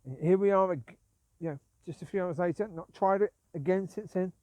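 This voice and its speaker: A man's voice: sits high, brisk, darkish tone, dry recording. Aggrieved man rambling on his own vlog. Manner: repetitive, aggrieved, self-justifying. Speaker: vlogger. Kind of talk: rambling casual monologue.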